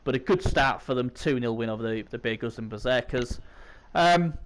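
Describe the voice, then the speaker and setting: A man's voice: mid-range voice, moderate pace, clear, resonant tone. A man hosting a casual gaming preview chat, his voice strained by a sore throat, rambling with lots of fillers. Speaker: host.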